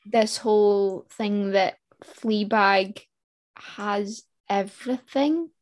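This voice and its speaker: A woman's voice: mid-range voice, drawn-out words. A woman co-hosting a podcast, talking through a TV show in casual chat with thoughtful restarts. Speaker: podcast co-host.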